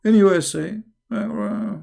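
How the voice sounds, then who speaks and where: A man's voice: high-pitched, slow, gravelly, warm tone. A man hosting a live question-and-answer stream, speaking emphatically and scolding, often repeating words as he restarts. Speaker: online show host answering viewer questions.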